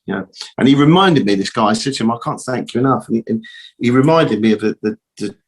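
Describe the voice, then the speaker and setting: A man's voice: medium pitch, animated, quick pace, slightly rough. A middle-aged man, a guest telling a long personal story in a casual, rambling way with mild swearing. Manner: rambling, repeats words, swears mildly. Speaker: guest, optical shop owner.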